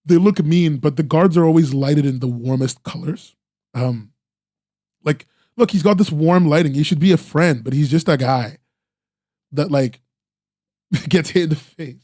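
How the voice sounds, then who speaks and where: A man's voice: fairly high pitch, a little slow, long pauses, warm tone, no room sound, studio quality. Chatty man rambling over comics. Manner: rambling, full of "like" and restarts, eager praise. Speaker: streamer reviewing webcomics. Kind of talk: casual live-stream commentary.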